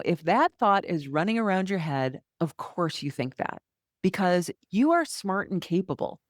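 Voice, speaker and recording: A woman's voice: on the low side, darkish tone, no room sound, clean studio sound. A middle-aged woman hosting a solo podcast as a health coach, talking candidly and conversationally, often acting out inner thoughts.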